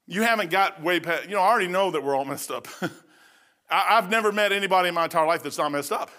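A man's voice: sits high, fast, sharp tone. A man preaching a folksy sermon, rambling through stories and laughing at his own jokes.

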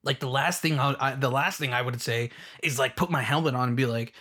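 A man's voice: mid-range voice, fairly quick, few pauses, pushed and bright. Young adult male, casual rant, rambling and fed-up, loose filler-heavy delivery. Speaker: movie fan ranting.

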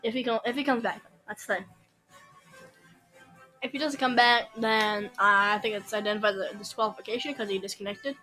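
A woman's voice: mid-range voice, fairly even intonation, fairly quick, sharp tone, soft background music, rough recording. A woman streaming a fighting game, giving slangy casual commentary and trash-talking her opponent.

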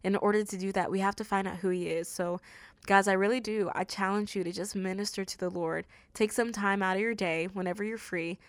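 A woman's voice: medium pitch, clear, resonant tone, no room sound. A woman hosting a faith podcast, speaking in an earnest, tender and emotional way, often saying "like". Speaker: podcast host. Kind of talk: heartfelt faith podcast monologue.

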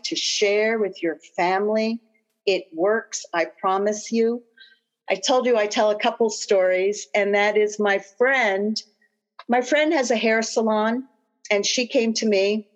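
A woman coach who leads a guided affirmation practice and tells personal stories, repeating phrases slowly and earnestly. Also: medium pitch. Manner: slow, earnest repetition of phrases. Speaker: guest coach and author. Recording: dull lo-fi audio.

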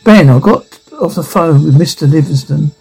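A man voicing a stern middle-aged father who is a psychiatrist, in halting, restarting phrases. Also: fairly high pitch, vocal fry, darkish tone, breathy edge, full character voice.

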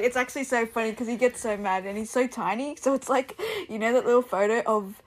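A young woman talks loosely with friends, piling up "like" as she tells a story. Her voice sits somewhat high, and her delivery is relaxed and rambling. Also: fast, hardly any pauses, a crowd in the background. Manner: rambling storytelling, lots of "like", laughs. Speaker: podcast co-host. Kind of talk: casual chat.

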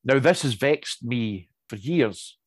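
A man chatting casually and telling anecdotes, lively, with many restarts and asides. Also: mid-range voice, slow pace, husky, no echo. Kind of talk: casual chat.

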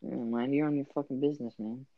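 A man's voice: medium pitch, fairly even intonation, a little fast, narrow, tinny audio, noisy background. A young man co-hosting a casual podcast chat with friends, crude and swearing often, laughing a lot. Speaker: podcast co-host.

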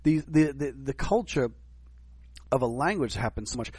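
A man with a New York accent hosting a podcast, talking through a rambling, animated solo commentary full of restarts and asides. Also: mid-range voice, normal speed, slightly rough, no echo. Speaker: podcast host.

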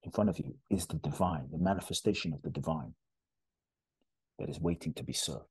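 A man from Ghana, a spiritual teacher, telling a story as a podcast guest in an earnest, animated way. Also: extremely low pitch, fairly quick, breathy edge, dry recording.

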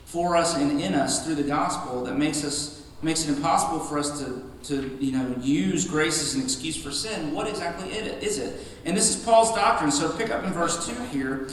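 A man's voice: a little high, moderate pace, hardly any pauses, slight background noise. Man preaching in an echoey church. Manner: emphatic, conversational preaching with repeated restarts. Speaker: pastor. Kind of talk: sermon. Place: church sanctuary. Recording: echoey hall from a distant mic.

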